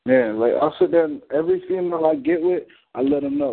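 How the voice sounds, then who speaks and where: A man's voice: a little high, huge pitch swings, fast talker, creaky, slightly rough. A man on a community call, telling a story in a blunt, heated, profane way. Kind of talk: casual storytelling. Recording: phone-like call audio.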